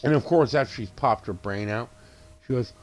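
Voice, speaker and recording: A man talks through a horror movie he just watched in a loose, unscripted recap. He swears freely, stumbles and restarts his sentences, and slips into quick acted-out bits of what the characters said. His voice sits at an ordinary middle pitch. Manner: excitable, profane retelling with frequent restarts and acted-out quotes. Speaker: movie reviewer. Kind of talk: casual spoken movie recap.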